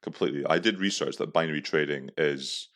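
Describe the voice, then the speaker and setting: A man's voice: a bass voice, fairly quick, fairly bright tone. A young man hosting a podcast, telling a story in a crude, profane, comic rant. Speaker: podcast host. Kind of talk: casual storytelling monologue.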